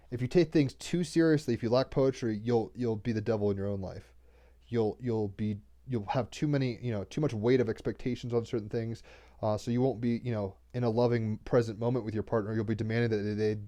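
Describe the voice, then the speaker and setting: Rambling man with a mellow voice. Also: mid-range voice. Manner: rambling, repeats words, swears casually. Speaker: tarot card reader. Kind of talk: casual spiritual card-reading talk.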